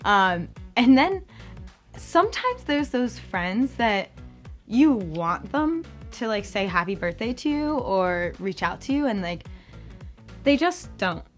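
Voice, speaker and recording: A young adult woman hosting a campus ministry podcast in a chatty, bubbly way, full of fillers and with high-pitched quoted voices. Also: very animated, slow pace, soft background music. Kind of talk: casual chat.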